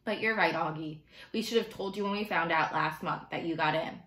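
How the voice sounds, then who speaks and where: A woman's voice: fairly low pitch, brisk, fairly bright tone, roomy sound, natural voice. A woman reading aloud as a protective, easygoing father in a children's novel. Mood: calm.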